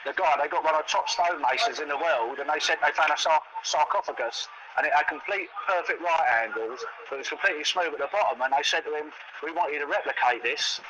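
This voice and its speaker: A man's voice: fairly high pitch, fast, hardly any pauses, lo-fi sound. A man chatting casually, rambling and repeating words as he tells stories, with lots of quoted dialogue. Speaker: co-host. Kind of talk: casual chat. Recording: noisy home recording.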